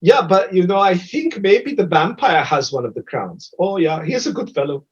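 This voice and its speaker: A man's voice: sits high, animated, moderate pace, husky. A man voicing a blunt, matter-of-fact female giant in a tabletop game, talking plainly with small hesitations. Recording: dull lo-fi recording.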